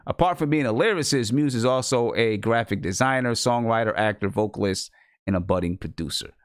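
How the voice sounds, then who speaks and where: A man's voice: medium pitch, brisk, no room sound, clean studio sound. A man from upstate New York hosting a casual music review show, reading artist bios with small stumbles. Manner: reads bios aloud, hesitant restarts. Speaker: podcast host.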